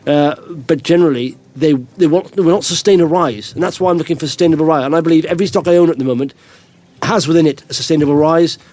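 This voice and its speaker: Fast-talking man, chatty host. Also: on the high side, a little mellow. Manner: rambling, anecdotal, chuckling often. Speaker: podcast host. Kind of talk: casual podcast chat.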